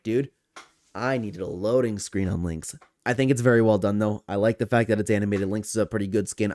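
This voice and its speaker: A man's voice: medium pitch, darkish tone, no echo. A young man with a mid-range voice chats eagerly through a tier-list ranking, talking to his viewers in a loose, upbeat way. The recording is close and dry, with no room sound. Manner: enthusiastic, chatty, addresses viewers as guys. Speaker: gaming commentator. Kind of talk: casual tier-list commentary.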